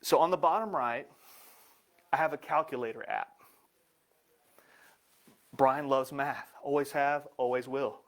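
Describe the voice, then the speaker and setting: A man's voice: medium pitch, a little slow, long pauses. A man giving a live presentation in an upbeat, joking way.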